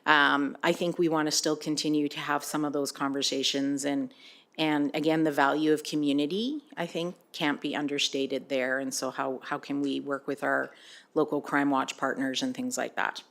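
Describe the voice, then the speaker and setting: A woman with a notably low voice gives a board update at a council meeting. She speaks hesitantly, pausing with frequent fillers as she works through her points. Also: steady tone, a bit bright. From Canada. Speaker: board chair presenting to council.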